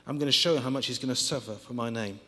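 A man's voice: mid-range voice, quick pace, sharp tone, in a large hall. A man preaching a sermon, stressing each numbered point. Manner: emphatic, counting points aloud.

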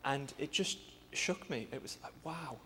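A young man, a church intern, telling a personal testimony earnestly, with many pauses and fillers. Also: mid-range voice, animated, a bit bright, in a large hall, a little hiss or hum.

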